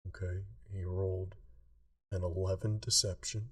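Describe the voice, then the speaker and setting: A man narrates a tabletop game as its game master, relaxed and prone to chuckling between rulings. His voice has a gravelly rasp and sounds set back from the microphone, as if it was recorded a few feet away. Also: sits low, normal speed, far from the mic. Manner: loose, laughing narration.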